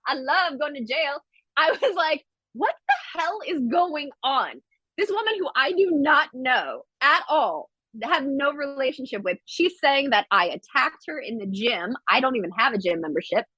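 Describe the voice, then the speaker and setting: A woman guest on a podcast, telling a story in casual chat with lively quoted voices and blunt swearing. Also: high voice, normal speed, dry recording, rough recording. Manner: animated storytelling, acts out quotes; swears freely.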